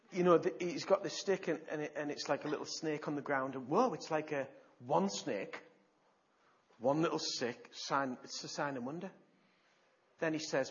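Animated man preaching a sermon. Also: a little high, brisk, lo-fi sound. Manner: animated storytelling with gasps.

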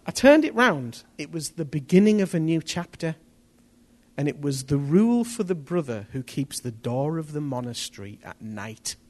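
A man preaching a testimony sermon, telling his story in an animated way that rises to near-shouts at the tense moments. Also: on the high side, normal speed.

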